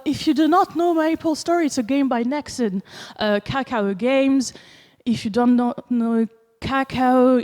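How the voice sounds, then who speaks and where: Animated French woman, conference talk. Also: sits high, in a large hall. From France. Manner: animated, acts out quoted reactions, many fillers. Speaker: conference speaker. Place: conference hall.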